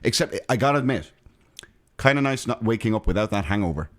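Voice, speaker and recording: Male podcast co-host, rambling jokey banter, lively up-and-down pitch. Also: fast talker. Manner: joking, rambling banter with restarts. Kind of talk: casual chat.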